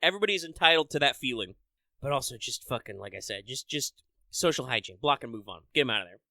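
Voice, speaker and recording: A man's voice: medium pitch, lively intonation, fast, vocal fry, bright, forceful tone, no room sound, clean studio sound. A man co-hosting a podcast, chatting casually in a rambling, profane way with lots of restarts. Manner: rambling, profane, self-interrupting; restarts and filler words. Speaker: podcast co-host. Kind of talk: casual chat.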